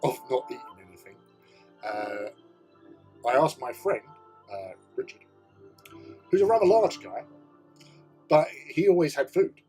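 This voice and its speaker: A man's voice: medium pitch, sing-song, unhurried, pauses often, mellow, faint music behind. A middle-aged British man hosting a hobby chat, telling a rambling story, laughing often and swearing casually. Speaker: hobby channel host.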